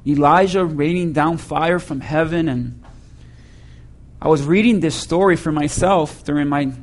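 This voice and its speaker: A man preaching a sermon, emphatic and calling on the congregation to repeat lines back to him. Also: unhurried. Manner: hushed, low prayer. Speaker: pastor.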